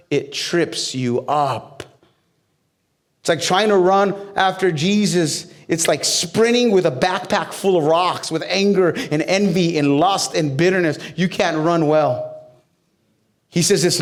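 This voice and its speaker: A pastor with a fairly high voice delivers a sermon at a slow pace. He speaks conversationally to the congregation, asking them direct questions and cracking jokes, then builds to loud, soaring peaks.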